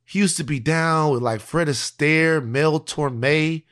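A man's voice: a little high, slow, fairly bright tone. A man co-hosting a podcast, talking earnestly and thinking aloud in casual chat. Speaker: podcast co-host.

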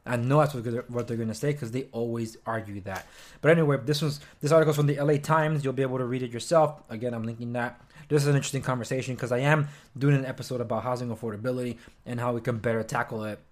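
A young man hosting a solo news podcast, talking in an animated, ranting way with sarcastic asides. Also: mid-range voice, quick pace. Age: young adult. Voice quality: chewing while talking at times. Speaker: podcast host.

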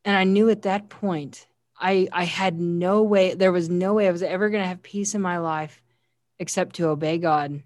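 A woman's voice: lowish voice, steady tone, normal speed, a little mellow, dry recording, clean studio sound. Earnest woman telling her faith story. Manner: quotes scripture often. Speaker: guest sharing a personal testimony. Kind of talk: personal faith testimony in an interview.

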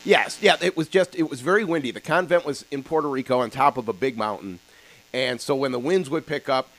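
Brisk and mid-range in pitch, this podcast host spins a casual story full of fillers. His telling is rambling and animated.

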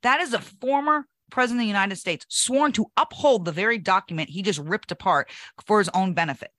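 Bright, forceful woman cohosting a political talk show, her delivery emphatic and indignant with frequent laughter. The recording is dry and close, with no room sound around her. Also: mid-range voice, dry recording. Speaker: co-host.

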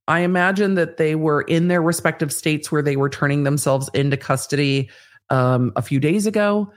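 A woman legal commentator giving analysis as an interview guest, measured and thinking aloud with fillers. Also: low voice.

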